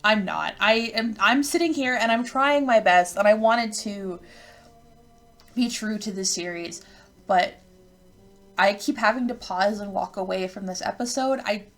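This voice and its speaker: Woman, let's play host, casual rambling, self-interrupting, creaky voice, mid pitch. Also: a little slow, faint music behind. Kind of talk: casual visual novel playthrough, reading aloud.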